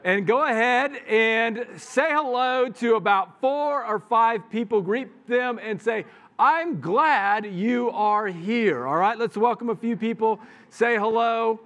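A man's voice: very high-pitched, a little slow, hardly any pauses, a bit bright. A man preaching a sermon as pastor, talking to the congregation in a plain, conversational way.

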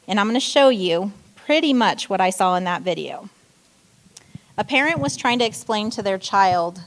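A woman giving a short sermon in church, telling a story and acting out frustrated lines. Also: mid-range voice. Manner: storytelling, acting out quoted outbursts. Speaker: church speaker. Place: church stage.

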